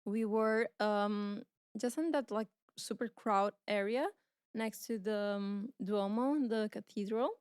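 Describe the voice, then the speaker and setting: A woman's voice: mid-range voice, slow pace, clear, resonant tone, no room sound, studio quality. A young woman co-hosting a casual chat podcast, telling stories with lots of laughter. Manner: giggly, animated storytelling. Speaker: podcast co-host.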